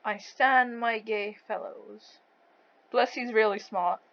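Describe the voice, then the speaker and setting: Woman interviewer with a thick accent and a fairly high voice, blunt, swears freely, laughs easily. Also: steady tone, slow, creaky, a bit bright, dull audio. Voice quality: says she has a thick accent. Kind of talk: casual online interview over voice chat.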